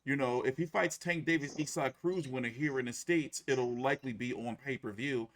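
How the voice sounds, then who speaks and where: A man's voice: medium pitch, moderate pace, a little hiss or hum. A man hosting a boxing podcast, rambling in casual chat. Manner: rambling, many fillers and restarts.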